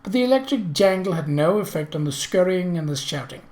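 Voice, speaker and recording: A man's voice: high voice, animated, a little mellow. Man narrating a novel aloud. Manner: measured storytelling narration. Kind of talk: audiobook reading of a novel.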